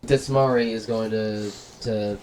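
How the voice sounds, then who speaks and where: A man's voice: fairly low pitch, fairly even intonation, a little slow, darkish tone, a little hiss or hum, poor audio. A man playing a tabletop game, blunt and joking, who swears casually. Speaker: player.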